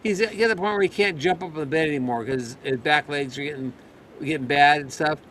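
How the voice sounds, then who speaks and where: A man's voice: on the high side, a little fast, a bit bright, a little hiss or hum. A man in a casual chat with friends, rambling through stories about his dogs and mimicking them as he goes. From rural farm background.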